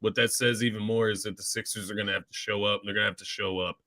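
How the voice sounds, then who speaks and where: A man's voice: on the low side, steady tone, quick pace, pushed and bright, no room sound. A man co-hosting a sports talk show, earnest and fan-like, often stammering into his points. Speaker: co-host of a sports podcast.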